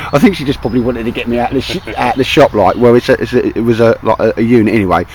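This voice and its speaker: A Cockney outdoor vlogger talks fast, with hardly any pauses, as he chats casually to camera in a wet wood. His voice sits at medium pitch, and his manner is rambling and chummy, with "mate" said again and again to his mate. The recording is low quality, with slight background noise.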